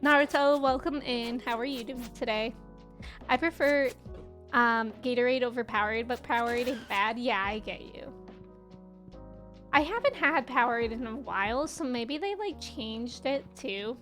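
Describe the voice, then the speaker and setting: Faint music plays behind a young woman in her twenties who speaks at a moderate pace in a fairly high, somewhat bright voice. She's gaming on stream, chatting casually, laughing frequently, and reading chat aloud to viewers.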